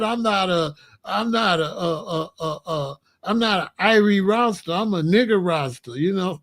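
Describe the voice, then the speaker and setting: A brash man from the United States, talking in a high register. He delivers a boastful, confrontational street-talk rant full of profanity. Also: moderate pace, fairly bright tone. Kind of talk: animated profane monologue.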